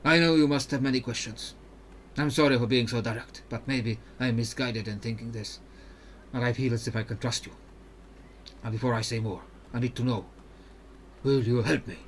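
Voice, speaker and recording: A man doing a low, measured freedom fighter. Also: slight background noise, close to an everyday voice. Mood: earnest. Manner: put-on foreign accent held in one low, steady tone. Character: calm, secretive adult male freedom fighter. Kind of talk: reading game dialogue aloud.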